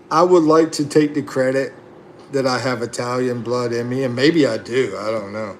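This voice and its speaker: A man's voice: medium pitch, a little slow, a little hiss or hum. A man hosting a casual livestream, reading viewer comments aloud and chatting back with laughs and fillers. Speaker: livestream host.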